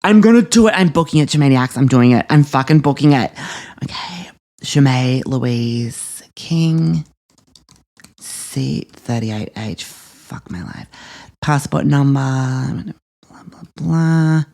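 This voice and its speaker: A man's voice: mid-range voice, slow pace, creaky, a little mellow. A man voicing a spoiled, dramatic young Australian woman who gushes, gasps and swears through a comedy podcast monologue. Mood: giddy. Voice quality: gushing, breathless, swears constantly, lots of gasps. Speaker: podcast host character.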